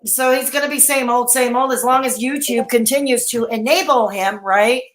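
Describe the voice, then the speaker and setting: A woman's voice: on the high side, moderate pace, roomy sound. A woman hosting a casual live stream, chatting and answering viewer comments with many fillers and restarts, while she has the hiccups. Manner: rambling, frequent fillers and restarts.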